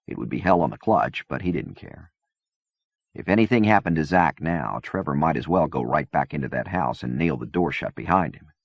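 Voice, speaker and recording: A man reading a novel aloud in measured, even scripted narration. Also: a bass voice, gravelly, slightly rough, no room sound. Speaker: audiobook reader. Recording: dull dry cassette-era recording.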